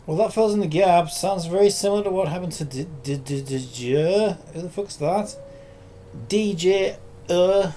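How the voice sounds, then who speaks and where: A woman's voice: fairly low pitch, normal speed, warm tone, slight background noise. A woman streaming a game, reading the text aloud and making blunt, sardonic comments full of swearing.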